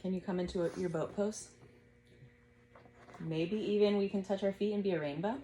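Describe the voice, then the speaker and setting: A woman in her thirties teaching a gentle yoga class at home, guiding breaths patiently and encouragingly. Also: medium pitch, fairly even intonation, normal speed, a little hiss or hum.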